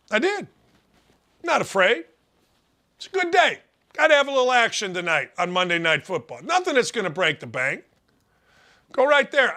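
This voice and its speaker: A middle-aged man hosting a sports talk show, loud and emphatic with folksy trash talk. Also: very high voice.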